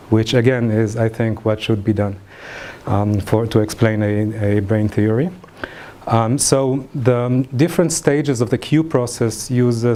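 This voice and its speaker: A man giving an academic lecture, halting, with many fillers and restarts. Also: mid-range voice, mellow.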